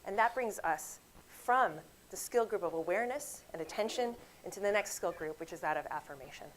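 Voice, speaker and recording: A woman's voice: on the low side, a little fast, a little hiss or hum, poor audio. A woman physician giving a grand rounds lecture, telling clinic stories and speaking straight to her audience. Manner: lively storytelling, acts out quoted voices; addresses audience directly.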